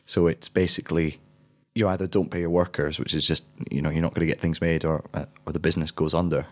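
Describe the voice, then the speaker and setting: A man's voice: rumbling low, little pitch movement, fast talker. A young adult man, a drama student, giving thoughtful, rambling interview answers with frequent restarts.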